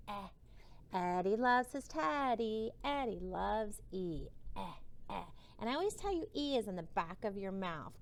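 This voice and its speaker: A woman teacher giving a slow phonics lesson to young children, sounding out each vowel and gently encouraging them. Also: on the high side, vocal fry. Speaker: kindergarten teacher.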